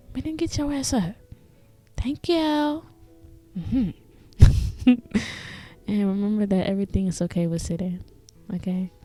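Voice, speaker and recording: A woman's voice: medium pitch, dark tone. A young woman hosting a podcast, giving a casual, affectionate pep talk, swearing freely and sometimes dropping to a whisper. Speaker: podcast host. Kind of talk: casual encouraging monologue.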